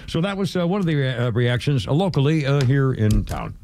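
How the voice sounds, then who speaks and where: A man's voice: medium pitch, expressive, brisk, warm tone, a little hiss or hum. A man from New England hosting a radio talk show, rambling casually with lots of fillers.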